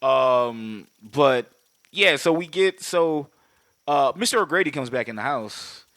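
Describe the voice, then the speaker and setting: A man's voice: mid-range voice, animated, fairly bright tone, no echo. Profane, rambling podcast man, dry mic. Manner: rambling, profane, acts out characters in quick bits. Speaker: podcast co-host. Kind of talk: casual movie recap chat.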